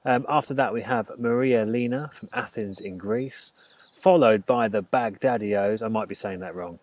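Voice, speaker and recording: A man's voice: on the low side, normal speed. A man presenting a local radio music show in a chatty, self-deprecating way.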